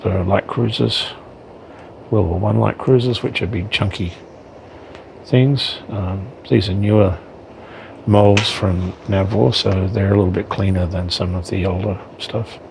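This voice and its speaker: A wargaming hobbyist unboxes his miniatures, commenting casually and hesitantly, with frequent ums and self-corrections. His voice is deep and creaky, and the background is noisy.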